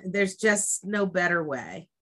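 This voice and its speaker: A woman who runs stress trainings, talking casually and thoughtfully with frequent pauses. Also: on the low side, a bit bright. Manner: thoughtful, hesitant with fillers. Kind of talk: casual conversation.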